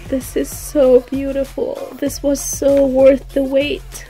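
A young woman records an album unboxing vlog, gushing breathlessly over each page. Her voice sits a little high and she takes her time between exclamations. Soft music plays faintly behind her. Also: monotone, slow pace, few pauses, rough recording. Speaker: vlogger. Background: faint background music.

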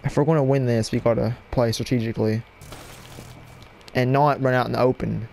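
A man giving live gameplay commentary at his computer desk at home, excitable and yelling at opponents in bursts, on a cheap mic with no windscreen. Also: medium pitch, a little fast, gravelly, a little hiss or hum. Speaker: gaming channel host. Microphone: cheap headset mic without windscreen.

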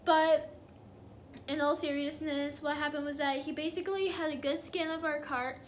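A woman's voice: sits high, fairly even intonation, moderate pace, slight background noise. A young woman telling a casual storytime on her vlog, chatty and giggly with lots of fillers. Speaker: vlogger.

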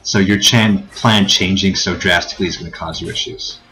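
A man narrating as game master, thinking aloud with many fillers and pauses. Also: low-pitched, steady tone, over music.

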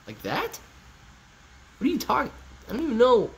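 A man's voice: extremely high pitch, big pitch swings, normal speed, creaky, a little hiss or hum. A man hosting a casual live stream, reading viewer comments and bantering playfully with them. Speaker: livestream host reading chat.

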